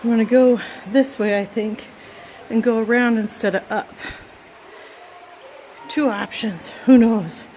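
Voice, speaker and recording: A woman's voice: fairly high pitch, unhurried, long pauses, slight background noise. Chatty woman hiking through caves. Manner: chatty, excited, talking to camera while walking. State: out of breath. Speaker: vlogger. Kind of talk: casual hiking vlog. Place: outdoors in caves and forest. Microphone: phone held while walking.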